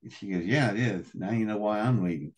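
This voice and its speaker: An older man with a very low, husky voice tells his story as an interview guest. He acts out each line of dialogue himself and drops in the odd curse. He swings between raised outbursts and hushed, heavy passages. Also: a little fast. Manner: animated, acts out quoted dialogue, swears. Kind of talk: emotional first-person storytelling.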